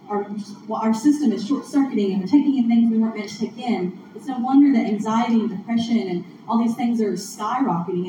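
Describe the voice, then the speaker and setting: Preaching in an echoey hall at a church gathering, a woman with a fairly high voice keeps her tone conversational and sincere and laughs with the audience. The recording is muffled and noisy, picked up by a distant room microphone.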